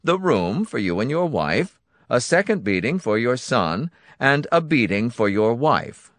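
A man's voice: medium pitch, sing-song, a little slow, dry recording, pitched above the performer's own voice. A man voicing a smiling, menacing male clinic boss who speaks with false kindness. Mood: calm threat. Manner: falsely kind, sinister, genial.

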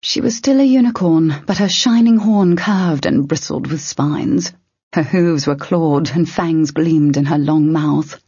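A woman narrating an audiobook in a steady, measured way. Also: deep voice, slightly rough, no echo. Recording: dry, dull lo-fi.

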